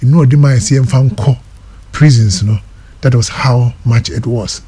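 A man's voice: mid-range voice, moderate pace, dark tone, slightly rough. A Ghanaian man hosting a radio call-in show, making an appeal for donations. He switches between Twi and English and repeats lists of items and phone numbers. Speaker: radio host.

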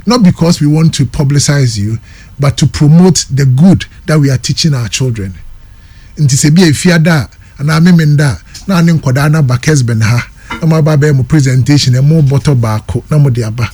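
A man's voice: fairly high pitch, brisk, dark tone, slightly rough, dry recording. A Ghanaian man hosting a radio call-in show, making an appeal for donations. He switches between Twi and English and repeats lists of items and phone numbers. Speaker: radio host.

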